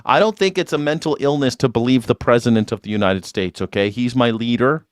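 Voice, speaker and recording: A man hosting a live call-in stream, talking in a mocking, sarcastic way and swinging between mock outrage and low asides. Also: brisk, no room sound, studio quality.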